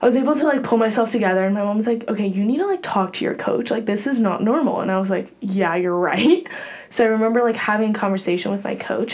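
A young adult woman, a college gymnast, telling a candid personal story as a podcast guest in an earnest way, with many fillers. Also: medium pitch.

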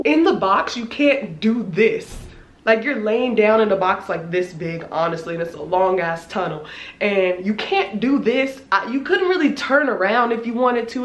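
Animated slangy young woman, roomy echo. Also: medium pitch. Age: 20s. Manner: animated, slangy, swears freely, many "like" fillers. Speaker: vlogger. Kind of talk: casual storytime. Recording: echoey room.

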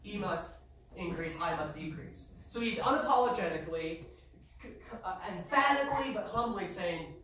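A man's voice: high-pitched, lively intonation, normal speed, recorded from a distance, a little hiss or hum. Man, pastor, emphatic sermon, heard from afar in a very echoey church. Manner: emphatic preaching, rising to shouts. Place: church sanctuary.

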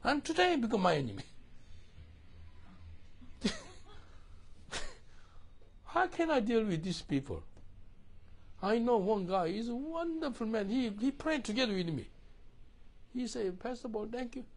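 Husky man preaching with animated lilt. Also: very high voice, measured pace, pauses often. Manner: animated, call-and-response preaching in non-native English. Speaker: pastor. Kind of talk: sermon.

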